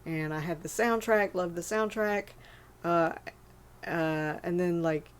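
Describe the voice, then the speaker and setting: A woman's voice: fairly low pitch, slow, clean tone. A woman in her forties casually rambling about favorite movies, full of fillers and self-corrections. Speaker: movie list vlogger.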